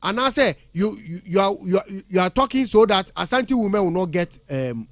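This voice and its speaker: A man's voice: high-pitched, expressive, a little fast, no echo. A man with a Ghanaian accent giving heated, blunt radio commentary in a studio, mixing English with Twi. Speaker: radio entertainment pundit. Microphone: studio mic.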